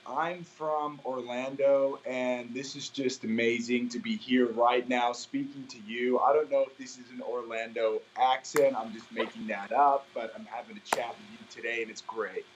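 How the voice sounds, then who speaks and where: A man faking a drawn-out American drawl. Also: mid-range voice, steady tone, highs cut off, slight background noise, close to an everyday voice. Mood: playful.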